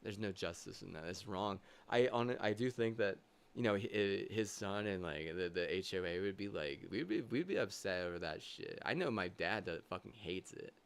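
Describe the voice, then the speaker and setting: A man's voice: deep voice, expressive, moderate pace, vocal fry, clear, resonant tone. Heated, profane male streamer ranting. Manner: heated, profane, swearing constantly; agitated, rising loud bursts. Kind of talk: angry livestream rant.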